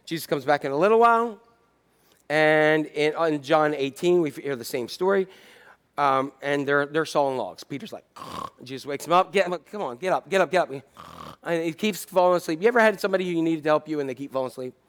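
A man's voice: on the high side, animated, fairly quick, a bit bright, clean tone. A man preaching a sermon in a conversational, humorous way, asking many rhetorical questions.

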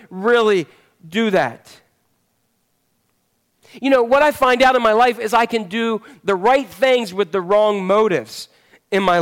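A man preaching a sermon as pastor in a church service, talking in a conversational, joking storytelling manner. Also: high-pitched.

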